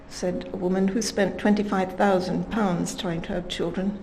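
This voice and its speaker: A woman giving a scientific conference talk at a measured pace, reading quotes aloud with emphasis. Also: fairly low pitch, little pitch movement, a little mellow, a little hiss or hum, poor audio. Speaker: conference speaker.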